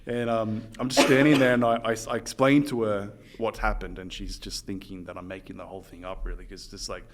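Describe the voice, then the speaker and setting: A man's voice: on the low side, level tone, a little fast, noisy background. A man with an Australian accent, hosting a podcast interview and telling stories in a chatty way, often breaking into laughter. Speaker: podcast host. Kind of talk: casual interview chat.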